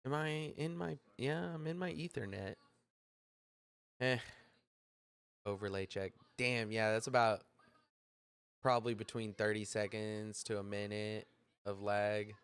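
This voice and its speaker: A man's voice: on the low side, steady tone, a little slow, pauses often, fairly bright tone, smooth. A man hosting a casual livestream, rambling to chat while sorting out stream lag. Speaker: livestream host.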